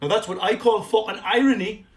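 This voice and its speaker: A man's voice: sits high, fairly even intonation, a little fast, pitched above the performer's own voice, natural voice. A man doing a comic impression of a business tycoon, ranting and swearing at the top of his voice.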